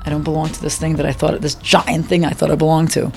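A middle-aged woman telling a personal story in a halting, emotional way, often repeating herself. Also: low-pitched, little pitch movement, gravelly, over music. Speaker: interviewee. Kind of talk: personal testimony.

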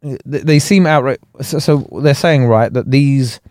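A man's voice: mid-range voice, measured pace, a little mellow, no room sound, studio quality. Jokey man co-hosting a podcast. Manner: rambling, jokey, trailing restarts. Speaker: podcast co-host. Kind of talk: casual chat.

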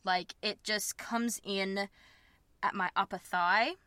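Frank young woman, bright voice. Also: mid-range voice, steady tone, slow pace, clean tone, dry recording. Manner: frank, rambling, filler-heavy, laughs at herself. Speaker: podcast host. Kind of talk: candid personal chat.

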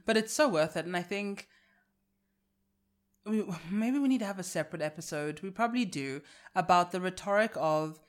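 A South African woman with a South African accent, co-hosting a podcast in candid, animated casual chat. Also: medium pitch, moderate pace, long pauses. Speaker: podcast co-host.

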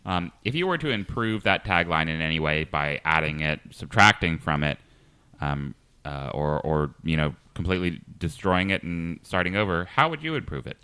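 A man hosting a comedy podcast, deadpan and hesitant, full of ums and uhs. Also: low-pitched, normal speed, clean tone, no room sound. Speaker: podcast host.

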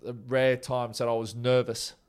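A man's voice: medium pitch, little pitch movement, moderate pace, clean tone. A man, a former cricketer who tells rambling, chuckling stories about an old teammate in a casual interview.

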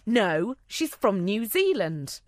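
Lively British woman co-hosting a podcast. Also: mid-range voice, no room sound, studio quality. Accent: British English. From Britain. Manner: playful, quick to laugh, reads out listener messages. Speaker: podcast co-host. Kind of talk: casual podcast chat.

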